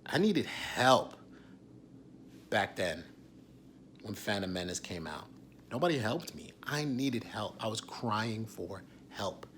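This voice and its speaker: A man in his forties, an actor, talking candidly in a confessional vlog, raw and intense, often dropping to a hushed whisper and swearing freely. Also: on the low side, expressive, slow, pauses often, a little hiss or hum. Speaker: actor and writer.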